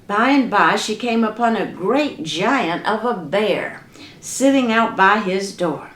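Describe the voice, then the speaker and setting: A woman telling a folk tale in a lively, dramatic, folksy way. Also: mid-range voice, takes it slowly. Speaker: storyteller. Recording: echoey room.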